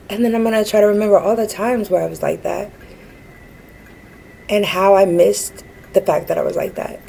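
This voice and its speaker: A woman's voice: medium pitch, steady tone, normal speed, vocal fry, dark tone, slight background noise, poor audio. A woman vlogging a rambling personal rant, earnest and frustrated, with many fillers and restarts.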